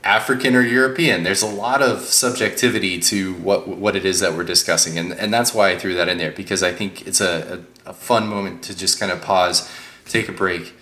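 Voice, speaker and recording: A man's voice: low voice, fairly even intonation, brisk, sharp tone, echoey room. A man hosting a casual podcast discussion, rambling along with many fillers. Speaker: podcast host.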